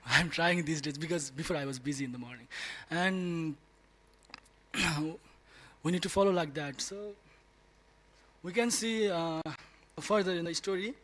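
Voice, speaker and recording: A man speaking at a devotee class, telling a story with animated delivery and frequent laughter. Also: fairly high pitch, measured pace, pauses often. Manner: laughs often, animated, restarts words. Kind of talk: storytelling talk. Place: temple class room.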